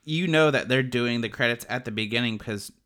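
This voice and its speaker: A man co-hosting a casual podcast, blunt and dry, often trailing off quietly. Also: medium pitch, brisk. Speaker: podcast co-host. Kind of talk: casual chat.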